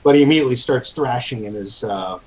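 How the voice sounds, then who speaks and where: A man's voice: medium pitch, poor audio. A man runs a tabletop game in a mid-range voice, narrating the scene at a casual pace. He often halts with fillers and restarts his sentences. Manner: halting, with many fillers and restarts. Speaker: game master.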